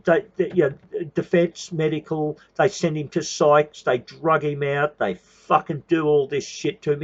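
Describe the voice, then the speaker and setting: A man with an Australian accent delivering an impassioned, profane rant. He keeps repeating himself and calling his listeners "mate". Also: a little high. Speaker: activist speaking to followers. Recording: dull lo-fi recording.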